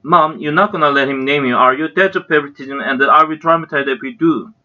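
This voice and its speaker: A man's voice: a little high, quick pace, bright, forceful tone, lo-fi sound, voice pushed up. A man with a Korean accent voicing a sulky, sarcastic older boy in a storybook reading. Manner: complaining, sarcastic.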